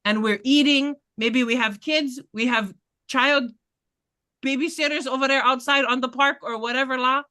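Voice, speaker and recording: A woman's voice: sits high, fairly even intonation, moderate pace, sharp tone. A woman candidate speaks bluntly and passionately to neighbors at a community meeting. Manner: passionate, blunt, laughing asides. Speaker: political candidate.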